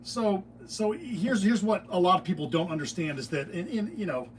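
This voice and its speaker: A middle-aged American man with a higher voice hosts a beekeeping channel, delivering a casual, rambling monologue of opinionated shop talk at a moderate pace. He digresses and interrupts himself with restarts, recorded in a workshop on a distant mic with faint room noise.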